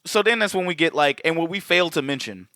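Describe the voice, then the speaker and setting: Bright-voiced man recapping a movie. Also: fairly high pitch, fast, no room sound. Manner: profane, animated, acts out movie quotes. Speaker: podcast co-host. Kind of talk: casual film recap chat.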